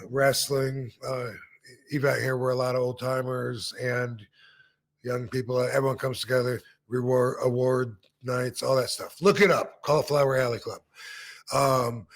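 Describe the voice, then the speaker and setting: Dude on a podcast spinning a story, super laid back, lots of ums and swearing. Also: male voice, medium pitch. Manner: laid-back, rambling with fillers and profanity. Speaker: podcast host. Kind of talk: casual storytelling.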